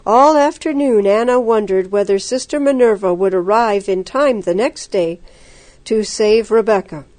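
A woman reading a story aloud as narrator, steady and expressive. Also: medium pitch, moderate pace, no echo.

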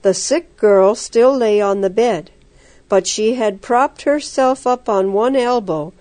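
A woman reading a story aloud as narrator, steady and expressive. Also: mid-range voice, takes it slowly, no room sound.

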